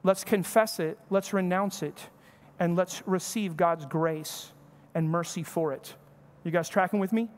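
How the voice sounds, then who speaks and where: In an unhurried, high-sitting voice, a male pastor gives a sermon in a church sanctuary. He chats with the congregation and plays out short bits of family conversation, and reverb from the hall fills the recording.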